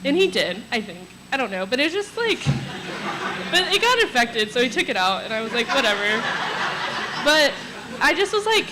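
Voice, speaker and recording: A woman's voice: sits high, big pitch swings, quick pace, background noise. A young woman sharing nervous, chatty memories of a friend at a memorial, laughing through her stories. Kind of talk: memorial tribute, storytelling.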